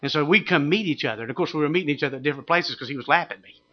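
Rapid-fire and a little high, this man's voice comes through with the highs cut off. He's a middle-aged pastor mid-sermon, spinning an animated, humorous personal anecdote that climbs into shouted, fervent exhortation.

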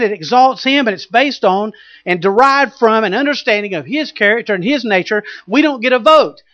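A male preacher giving a dramatic sermon, swinging from loud exclamations to hushed asides. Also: very high-pitched, dry recording. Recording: dull lo-fi recording.

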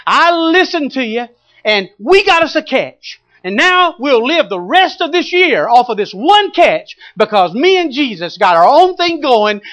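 A man's voice: sits high, no echo. A preacher acting out a bragging fisherman Peter. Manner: loud, drawn-out, bragging. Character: boastful grumbling fisherman Peter, adult man. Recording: dull lo-fi recording.

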